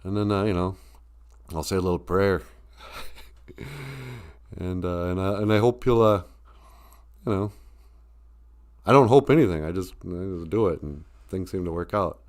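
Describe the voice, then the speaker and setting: A man's voice: low voice, normal speed, pauses often, a little mellow. A man hosting a casual comedic live stream, talking in a rambling, self-deprecating way and laughing often. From Ojibwe community.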